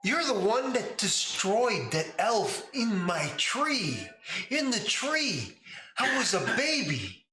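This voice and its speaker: A man putting on a high shape-shifting girl-woman, furious. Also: animated, takes it slowly, long pauses, sharp tone, exaggerated voice. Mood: furious, mocking. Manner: ranting, cursing, mocking. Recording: echoey room, faint noise.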